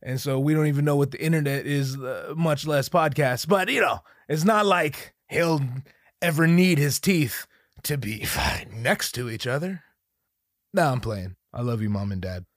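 Speaking a little high at a moderate pace, this podcast host, a man in his thirties, records a dry solo monologue on a studio microphone at home, with a dog nearby. He rambles, jokes, curses a lot and pokes fun at himself.

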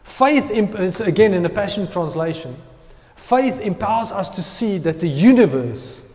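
A man's voice: sits high, expressive, normal speed. Man preaching in a reverberant hall. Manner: preaching with swings from loud emphasis to hushed asides. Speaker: pastor. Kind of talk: sermon.

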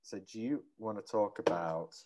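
A man's voice: on the low side, moderate pace, background noise. A man co-hosting a casual podcast chat, prompting with short questions and laughing often.

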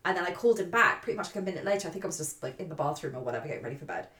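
Podcast co-host, woman, lively anecdote teller, echoey room sound. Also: on the low side, racing. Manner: swearing, animated storyteller, acts out her own quotes. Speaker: podcast co-host telling a dating story. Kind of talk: casual chat.

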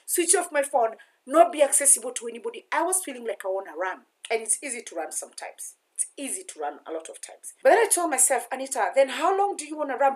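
A young woman speaking earnestly in a personal confessional vlog, often repeating self-affirmations. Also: sits high. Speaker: vlogger.

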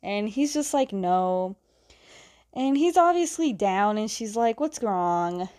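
A woman casually retelling the scenes of a comic, quoting the characters' lines with fillers and quick self-corrections. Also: medium pitch, lively intonation, a little mellow. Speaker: comic recap host. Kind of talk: casual story recap.

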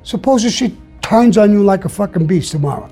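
A man's voice: sits high, expressive, a little fast, mellow, breathy edge, faint music behind. An older man, telling blunt, profane stories as an interview guest. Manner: blunt, profane, streetwise storytelling. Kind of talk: storytelling interview.

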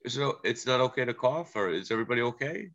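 A man's voice: mid-range voice, expressive, very fast, lo-fi sound, crowd noise. A man co-hosting a casual sports betting chat, stuffy from allergies, laughing often and stumbling through restarts. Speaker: podcast co-host.

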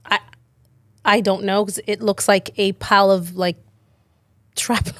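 A woman's voice: medium pitch, little pitch movement, unhurried, fairly bright tone, no room sound, clean studio sound. A woman pastor co-hosting a podcast in casual chat, playful and teasing, laughing often.

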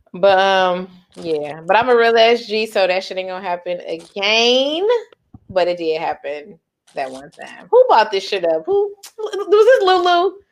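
A woman co-host talking in in a loose, casual chat. She swears freely and breaks into laughter often. Her voice sits at a middle pitch. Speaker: podcast co-host.

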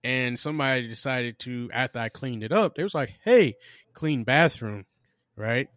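A man's voice: mid-range voice, a little fast, fairly bright tone, no echo. Profane storytelling man, dry mic. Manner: profane storyteller who acts out both sides of arguments. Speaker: podcast co-host. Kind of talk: casual chat.

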